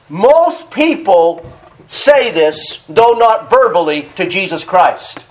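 A man's voice: sits high, animated, a little slow. A man preaching a sermon emphatically, repeating key phrases, calling out to the congregation for an "amen" and laughing between points.

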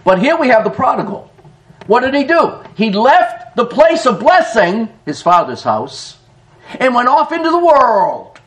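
A man preaching a sermon in an animated way, often laughing and calling his listeners folks. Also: extremely high pitch, a little slow. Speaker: pastor.

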